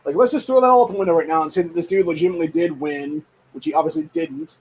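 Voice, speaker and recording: A man's voice: high voice, big pitch swings, rapid-fire, a little mellow, slightly rough, rough recording. A young man from Ohio hosting a political podcast, reading headlines aloud and reacting with heated, profane rants. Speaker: podcast host. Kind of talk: casual political commentary.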